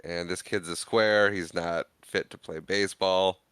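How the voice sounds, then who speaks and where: A man with a low, bright, crisp voice chats through a movie recap, laughing easily as he retells the scenes. His voice is close and dry, with no room sound around it. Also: steady tone, unhurried, no room sound. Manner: laughs often, retells scenes with quoted lines. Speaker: podcast co-host. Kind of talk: casual movie recap chat.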